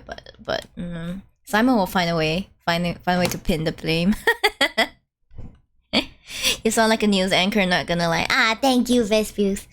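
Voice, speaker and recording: A woman's voice: fairly low pitch, moderate pace. A young woman chatting casually and playfully while streaming a game, with slang and teasing asides. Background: faint game music.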